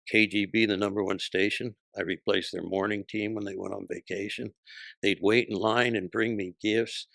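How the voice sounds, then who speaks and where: A comedian in his sixties, appearing as a guest, swaps stories in a relaxed chat, his delivery punchy and profane, slipping into quick character voices whenever he quotes someone. His voice sits low with vocal fry and a slightly bright edge. The recording is clean studio sound with no echo.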